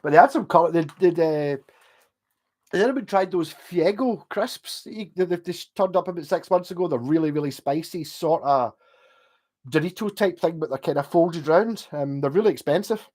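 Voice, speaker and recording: Speaking at a moderate pace in a fairly high voice, a Scottish man rambles casually to his livestream viewers. His easygoing chat is loose and digressive, with swear words dropped freely.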